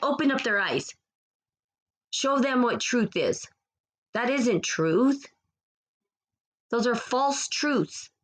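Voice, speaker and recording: A woman's voice: fairly high pitch, expressive, takes it slowly, pauses often, poor audio. A woman speaking to her followers in a casual spiritual monologue, passionate and rambling, repeating herself as she gets preachy.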